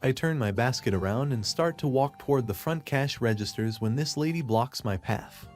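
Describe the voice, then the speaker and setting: A man narrating a first-person story in a plain, steady way. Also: medium pitch, moderate pace, soft background music.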